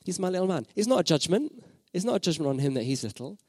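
A man in his thirties delivering a sermon as pastor, his voice sitting fairly high for a man. He speaks reflectively, putting questions to the congregation and repeating phrases to drive them home. The sound is close and dry. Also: very animated, fast, a little mellow, slightly rough, dry recording.

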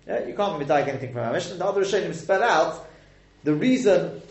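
In an echoey room, a man teaches a text lesson, explaining it step by step and quizzing listeners with rhetorical questions. His voice is a little high and fast, with lively intonation.

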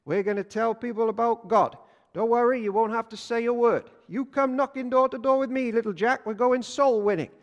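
A man's voice: very high-pitched, fairly even intonation, a little fast, in a large hall, dull audio, pitched above the performer's own voice. A man voicing a pushy, cheerful older preacher who coaxes and bosses a nervous boy. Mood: coaxing.

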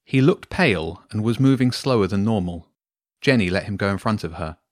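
A man reading his own bedtime story aloud to two boys, with a lively, expressive delivery. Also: on the low side, a little fast, dry recording, clean studio sound.

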